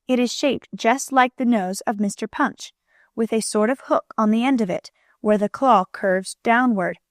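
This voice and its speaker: A woman reading a children's storybook aloud as an audiobook narrator, in a gentle, clear manner, lightly voicing the characters. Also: on the high side, normal speed, no room sound, studio quality.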